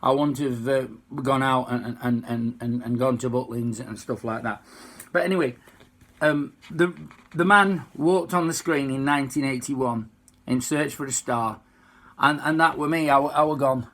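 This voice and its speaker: A man with a Yorkshire accent, unwell, chatting to fans in a halting, heartfelt way. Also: medium pitch, fairly bright tone. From Yorkshire, England. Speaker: singer and tribute impersonator. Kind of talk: casual fan video chat.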